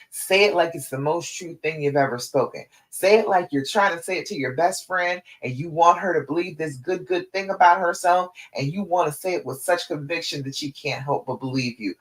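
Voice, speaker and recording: A woman's voice: deep voice, animated, normal speed, low-quality recording. A woman relationship coach giving a live stream talk, direct and encouraging, repeating her key points.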